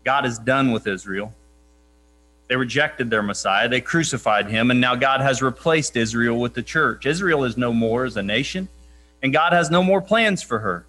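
A man preaching a sermon, earnest and emphatic, slowing down to press key points and quoting scripture with weight. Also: medium pitch, pushed and bright.

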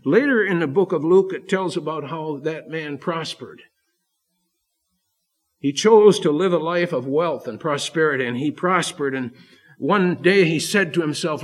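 A male pastor preaching a sermon to his church, emphatic, swinging between loud declarations and quiet asides. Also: on the high side, a little slow.

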